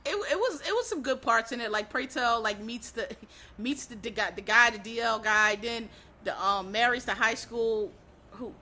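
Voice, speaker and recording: A man chats casually to his listeners, sounding a little tired. His voice is bright and forward. He rambles, trails off and restarts, and calls his audience y'all. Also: high-pitched. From Philadelphia. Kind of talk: casual chat recapping a TV show.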